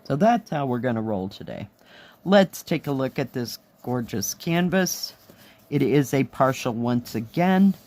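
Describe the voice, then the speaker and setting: A woman with a hoarse, fading voice, chatting casually through a craft kit review, admiring the pieces and counting aloud as she goes. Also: extremely low pitch, expressive, measured pace, a little mellow. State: hoarse, losing her voice. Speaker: cross-stitch vlogger.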